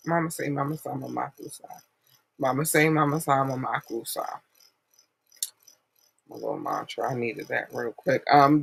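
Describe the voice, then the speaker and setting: A woman's voice: sits low, vocal fry, breathy edge, poor audio. A woman hosting a podcast, giving a blunt, profane, rambling pep talk in a casual monologue. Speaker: podcast host.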